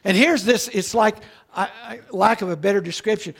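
A man's voice: sits high, normal speed, creaky, fairly bright tone, breathy edge. A man preaching a sermon, reading Bible verses aloud and talking to his church. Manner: preaching with Bible readings, restarts, asides to the tech team. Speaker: pastor.

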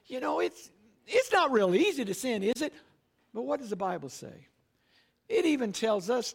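An older man preaching a sermon, emphatic, slowing down on key phrases and often checking in with "all right?". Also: sits high, vocal fry. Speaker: pastor.

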